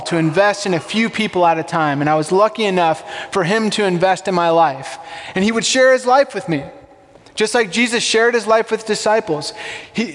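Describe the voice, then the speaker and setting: A man's voice: high-pitched, long reverb tail. A male pastor preaching a sermon in a conversational way, often asking the congregation rhetorical questions.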